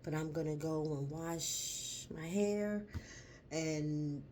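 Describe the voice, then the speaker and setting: A female vlogger speaks in a low, slightly mellow voice with a faint hiss or hum in the background. Chatting casually to her audience, she talks slowly, lingering on words, emphatic and profane, and grows emotional and choked up as she tells a story.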